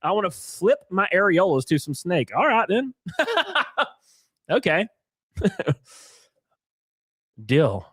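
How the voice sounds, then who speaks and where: A man's voice: high voice, big pitch swings, slow pace, long pauses, breathy edge, dry recording, clean studio sound. Sick, sniffly man hosting a rowdy stream. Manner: rowdy, jokey, loud exclamations and laughs. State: sick and sniffly, stuffed nose. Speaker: live streamer host. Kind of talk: casual live-stream chat with viewers.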